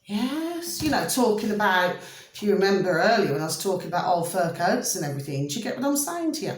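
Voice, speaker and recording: A middle-aged woman rambles warmly to her viewers from home, forever asking whether they see what she means. Her voice sits at an ordinary mid pitch. The room rings a little around her. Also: big pitch swings, fast talker. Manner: chatty, doting, keeps checking listeners follow. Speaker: vlogger doing readings. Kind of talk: rambling casual chat to camera. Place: indoors at home. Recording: roomy home recording.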